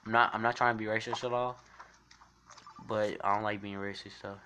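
A man livestreaming a shooter game, rambling and swearing as he reads and answers his chat in a jokey, excitable way. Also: on the low side, a little fast, background noise. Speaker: game streamer. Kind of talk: casual livestream commentary reading chat. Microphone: phone mic while gaming.

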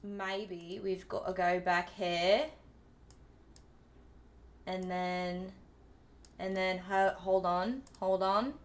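A woman's voice: lowish voice, level tone, extremely slow, pauses often. A young woman live streaming, chatting casually with viewers and swearing freely while she sorts out her setup. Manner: loose and profane, talking to chat while fixing her setup. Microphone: streaming microphone.

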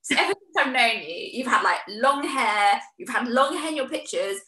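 A woman's voice: a little high, animated, moderate pace, sharp tone, reverberant, low-quality recording. A woman hosting a casual interview chat, encouraging her guest with frequent yeahs. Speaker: host.

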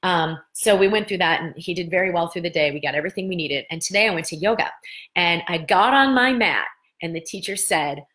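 A middle-aged woman hosting a casual live-stream talk, telling stories with lively gestures of voice and bursts of laughter. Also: fairly low pitch, a little fast. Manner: animated storytelling, breaks into laughter. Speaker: host.

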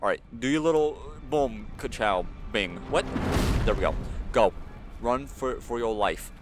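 Male let's-play host, middle pitch, game music underneath; easily spooked and chatty. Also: expressive, measured pace. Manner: jumpy, talks to the screen, frequent frightened yelps; casual slang, says "bro" and "y'all". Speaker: gaming channel host.

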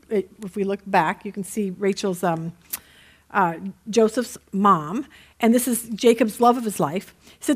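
A woman's voice: medium pitch, unhurried, husky. A middle-aged woman leading a women's Bible study, explaining scripture in a chatty, conversational way and reading passages aloud. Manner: chatty, tells jokes, reads scripture aloud.

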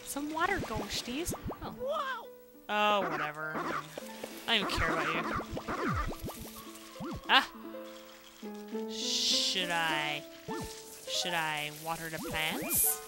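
A woman casually commenting on a video game as she plays, chatty and excitable, breaking into sudden loud exclamations and silly rhymes, on a home mic without a pop filter. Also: mid-range voice, takes it slowly, pauses often. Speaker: let's play host. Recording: game music behind voice. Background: game music.

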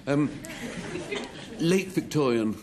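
A man captaining a panel game drawls slowly and playfully, his voice rising and falling. The old broadcast carries clear noise and clicks. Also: on the high side, animated, a crowd in the background. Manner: playful and drawn-out. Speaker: team captain.

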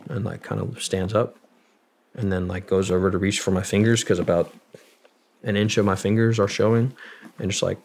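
Young male vet, low gravelly voice, husky, halting and profane storytelling. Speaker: guest, Marine veteran. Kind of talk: casual storytelling.

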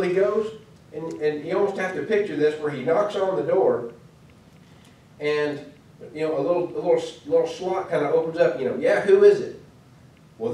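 The voice belongs to a Midwestern American preacher, on the high side with a dark tone. Speaking in a church hall, he gives a sermon lesson as chatty storytelling with many asides; the hall echoes and the mic sits far away.

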